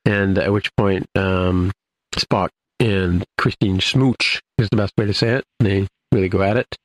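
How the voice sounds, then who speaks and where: A man's voice: low voice, fairly even intonation, unhurried. A man casually recapping an episode, rambling with many fillers and restarts. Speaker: podcast host recapping an episode. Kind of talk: casual chat.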